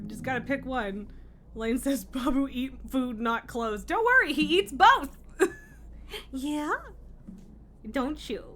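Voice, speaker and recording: A woman's voice: high voice, bright, forceful tone, slight background noise. A woman streaming live, chatting casually and cooing in baby talk at her pet between laughs.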